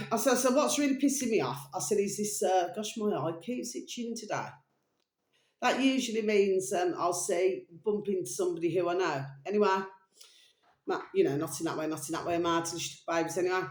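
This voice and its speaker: A woman's voice: on the low side, moderate pace, darkish tone, reverberant. Rambling, sweary woman vlogger. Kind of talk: casual rambling monologue.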